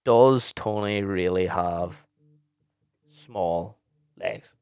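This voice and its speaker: A young man with a fairly low voice, chatting on his podcast. He talks bluntly, swears freely and rambles with plenty of ums. The recording is dry and close, with no room sound. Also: drawn-out words, a little mellow, clean tone, no echo, lo-fi sound. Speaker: podcast host and DJ. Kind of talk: casual podcast chat, answering listener questions.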